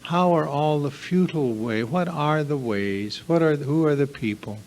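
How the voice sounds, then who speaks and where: A man's voice: fairly high pitch, lively intonation, normal speed, a little mellow, a little hiss or hum. A man giving a confessional recovery workshop talk to a live group, earnest and emphatic, piling up repeated lists. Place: meeting room with a live audience.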